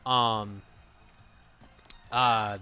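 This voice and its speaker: Bright-voiced man rambling over gameplay. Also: fairly low pitch, fairly even intonation, very slow, soft background music. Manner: rambling, self-correcting, laughs often. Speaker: let's play commentator. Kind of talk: casual gameplay commentary.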